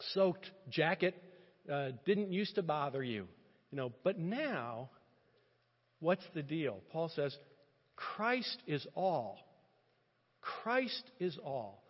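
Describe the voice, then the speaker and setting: A man preaching a sermon in an impassioned, animated way, often restarting his phrases. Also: on the high side, husky. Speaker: pastor. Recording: muffled sound with long reverb.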